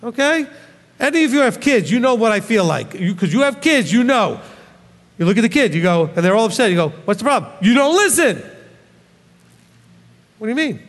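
Animated high-voiced man preaching. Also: fairly quick, long reverb tail. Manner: animated, scolding, rhetorical questions. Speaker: rabbi teacher. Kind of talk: sermon.

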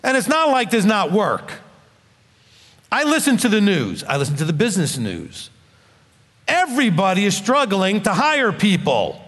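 Blunt, animated preacher in his fifties. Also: high-pitched, normal speed, in a large hall. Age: 50s. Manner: blunt, emphatic, scolding. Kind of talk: sermon.

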